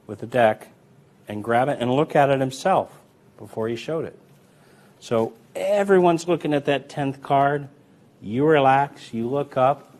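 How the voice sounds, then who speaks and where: A man teaching card magic in a relaxed, chatty way, full of fillers and restarts while he demonstrates. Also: medium pitch. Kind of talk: demonstrating and explaining card technique.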